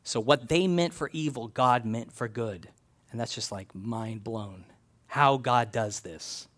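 A man's voice: mid-range voice, takes it slowly, fairly bright tone. A man preaching a sermon in a conversational, earnest way, reading scripture aloud and explaining it. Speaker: pastor.

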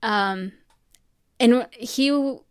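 Smooth-voiced young woman telling a rambling story. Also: a little high, drawn-out words. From New Mexico. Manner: rambling, laughs often, acts out quotes. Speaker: medical student interviewee. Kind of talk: casual personal storytelling.

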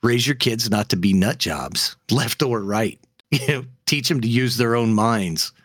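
Podcast co-host, male, mid-pitched, heated ranting delivery, lots of fillers, dry close sound. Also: lively intonation, measured pace, fairly bright tone, no room sound. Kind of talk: casual opinionated chat.

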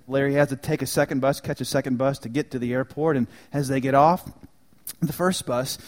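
A man preaching a sermon in a church, telling a story with dramatic swings from loud emphasis to hushed, quiet lines. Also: fairly high pitch. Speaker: pastor.

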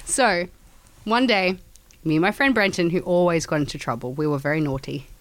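A woman's voice: lowish voice, fairly quick. A woman in her thirties with an Australian accent, telling stories in casual chat, acting out the people she quotes and swearing freely. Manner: animated, acts out quoted voices, swears freely. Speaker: storyteller.

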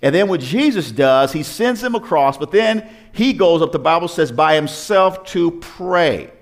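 A man's voice: fairly high pitch, expressive, a little slow. A man preaching a sermon as pastor, telling the story in a conversational way with rhetorical questions and frequent restarts.

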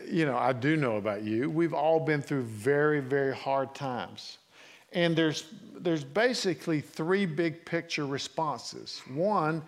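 A man preaching a sermon. His voice sits a little high for a man and talks straight to the congregation with questions. It swings between raised emphasis and low, hushed passages. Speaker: pastor.

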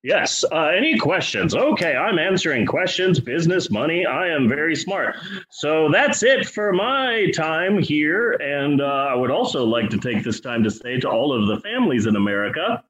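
A man's voice: a little high, sing-song, moderate pace, a bit bright, lo-fi sound, a little hiss or hum, voice pushed down. A man voicing a self-important, dim male finance official who boasts in short, repeated phrases. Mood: smug boasting.

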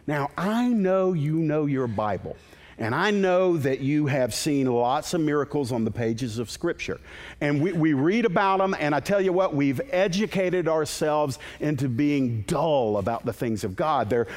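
A man's voice: on the high side, in a large hall. A male pastor preaching a sermon in a conversational, emphatic way, with asides to the congregation.

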